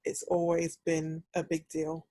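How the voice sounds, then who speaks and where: A woman's voice: sits low, monotone, a little slow, warm tone, no room sound. A young British woman hosting a podcast, telling a story in casual chat and acting out the quoted dialogue. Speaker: podcast host.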